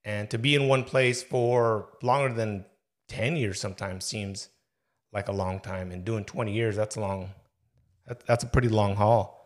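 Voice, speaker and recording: A man's voice: on the low side, moderate pace. A man hosting a podcast, asking friendly, rambling questions in a casual interview. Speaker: podcast host.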